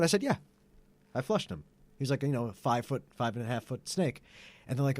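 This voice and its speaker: A man co-hosts a casual comedy podcast and spins deadpan tall tales, slipping into animated voices for the people in them. His pitch swoops widely as he talks. The sound is dry and close to the mic. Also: fast talker, no echo. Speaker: podcast co-host.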